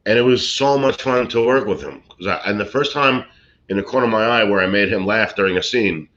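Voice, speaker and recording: A man's voice: fairly low pitch, brisk, fairly bright tone. A man, an actor and comedian from Brooklyn, telling rambling showbiz stories in casual chat with many fillers and restarts. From Brooklyn, USA. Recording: dull lo-fi sound.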